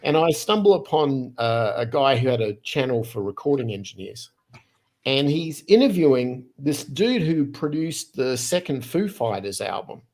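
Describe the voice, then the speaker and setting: This is a man in his fifties, originally from Australia, speaking as a guest on a podcast. He tells his story casually and with a lot of energy, jumping back to restart sentences as he goes. His voice sits at an ordinary middle pitch for a man. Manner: animated, quick storyteller who restarts phrases.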